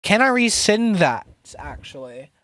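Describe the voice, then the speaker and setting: A man's voice: high-pitched, very animated, unhurried, a bit bright, no room sound, studio quality. Rambling, swearing young man producer. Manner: rambling, profane and self-mocking, with many restarts. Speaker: music producer streaming to chat. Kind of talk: casual live-stream chat while producing.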